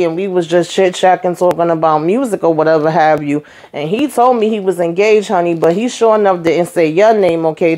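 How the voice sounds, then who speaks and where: Sassy woman recapping reality TV. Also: lowish voice. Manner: sassy, animated retelling with quoted voices. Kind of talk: casual recap commentary.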